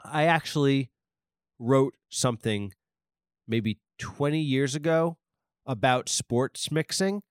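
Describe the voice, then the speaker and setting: Male podcast host, rambling comic monologue, swears freely, excitable, average pitch, dry close sound. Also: takes it slowly, clean tone, no echo.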